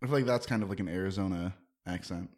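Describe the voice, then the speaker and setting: A man's voice: low-pitched, fast, darkish tone. A man hosting a podcast, asking playful questions and teasing his co-hosts. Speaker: podcast host. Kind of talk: casual podcast chat.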